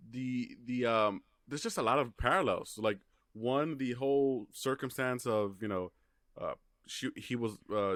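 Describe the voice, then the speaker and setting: A man's voice: mid-range voice, fairly bright tone, no room sound, studio quality. A man co-hosting a podcast, chatting casually with hesitant starts. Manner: short agreeing interjections, hesitant starts. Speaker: podcast co-host. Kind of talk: casual review chat.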